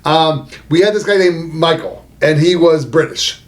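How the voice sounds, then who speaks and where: A man's voice: fairly high pitch, a little slow. A man co-hosting a podcast, telling a crude, joking work story in casual chat. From American South. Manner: crude, joking, acts out quoted voices. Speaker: podcast co-host.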